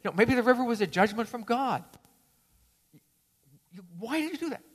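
A preacher acting out an indignant, self-righteous monk who scolds his companion in an accusing, high-strung way. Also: expressive, normal speed. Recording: reverberant hall.

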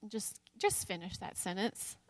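A woman's voice: mid-range voice, big pitch swings, takes it slowly, no echo. A woman in her thirties leading a Bible study, talking candidly about faith and motherhood and laughing often at herself. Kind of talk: teaching a women's Bible study.

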